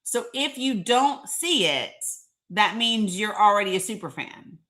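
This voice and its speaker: A woman hosting a casual live stream, chatting, reading viewer comments aloud and often laughing and clearing her throat. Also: medium pitch, lively intonation, measured pace, fairly bright tone. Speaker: livestream host.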